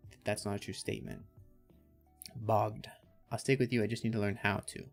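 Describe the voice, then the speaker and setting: A man's voice: medium pitch, normal speed, creaky, soft background music. A man hosting a casual crypto livestream, chatting and reading out viewer comments and answering them. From Canada.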